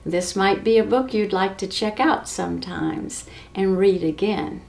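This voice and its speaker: A woman telling a children's story for a library reading program, slow and expressive. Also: mid-range voice. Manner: slow, expressive, clearly paced.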